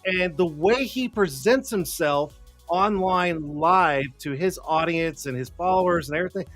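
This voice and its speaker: A man's voice: high-pitched, unhurried, a bit bright, faint music behind. A man hosting a live streamed show in casual chat, rambling, swearing freely and laughing often.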